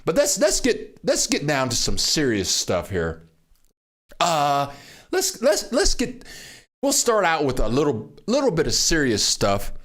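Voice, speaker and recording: An older man hosting a casual livestream from Mexico, greeting viewers by name and getting excited over their messages. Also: fairly high pitch, unhurried. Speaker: livestream host. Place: home in Mexico.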